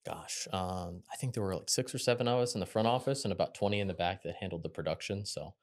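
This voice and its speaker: A young man with a deep, low-pitched voice talks at a brisk clip. He tells stories from his working life as an interview guest, loose and chatty, and his voice comes alive when he acts out what others said. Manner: quick, chatty, animated when quoting others. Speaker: podcast guest. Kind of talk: casual interview storytelling.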